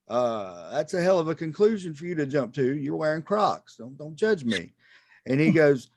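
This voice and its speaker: A man's voice: fairly high pitch, animated, a little mellow, dry recording, studio quality. Self-deprecating male stand-up comic. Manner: self-deprecating, halting with many ums. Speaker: stand-up comedian. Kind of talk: stand-up comedy set.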